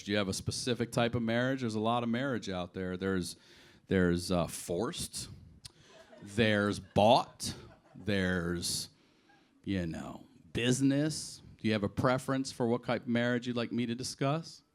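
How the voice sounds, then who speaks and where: A man from Baltimore doing improvised stand-up on a comedy club stage, telling profane, animated stories and acting out the quotes. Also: mid-range voice. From Baltimore, USA. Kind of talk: improvised stand-up on audience requests.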